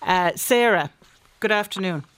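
A woman's voice: medium pitch, animated, a little slow, slight background noise. Irish woman hosting a radio phone-in. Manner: warm, chatty, with frequent fillers and restarts. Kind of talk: casual on-air chat with callers.

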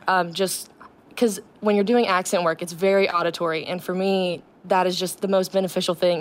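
Young female drama student, earnest, filler-heavy, low-ish voice. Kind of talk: casual radio interview.

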